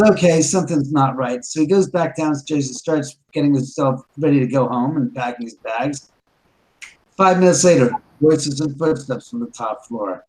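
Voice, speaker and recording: Animated man telling a ghost story. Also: fairly high pitch, poor audio. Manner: rambling, animated, with many restarts and quoted dialogue. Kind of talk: casual storytelling chat.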